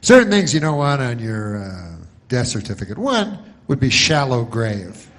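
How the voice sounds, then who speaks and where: A man doing a stand-up comedy monologue, deadpan and rambling through long setups. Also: mid-range voice, normal speed.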